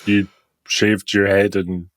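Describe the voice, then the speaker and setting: A man's voice: fairly low pitch, flat delivery, takes it slowly, no echo. A man hosting a podcast in casual comedic chat, jokey, laughing often and swearing casually. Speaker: podcast host.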